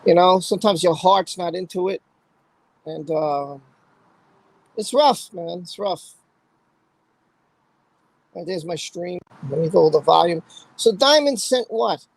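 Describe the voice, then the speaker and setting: A man's voice: high-pitched, animated, slow, creaky, pauses often, rough recording. A man hosting a live stream in casual chat, greeting viewers one by one. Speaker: livestream host.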